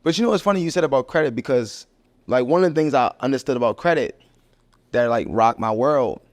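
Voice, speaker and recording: A man's voice: medium pitch, fairly quick, slight background noise. A man from Baltimore, a financial educator, talking as a guest in casual podcast chat, easygoing and full of "like" and "yo". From Baltimore, USA. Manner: relaxed, agreeable, fills with "like" and "yo".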